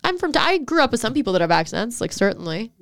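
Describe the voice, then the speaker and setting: A woman's voice: a little high, very animated, quick pace, fairly bright tone, dry recording, clean studio sound. A woman from Texas hosting a podcast in casual, swearing, laughing banter. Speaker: podcast host. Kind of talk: casual chat.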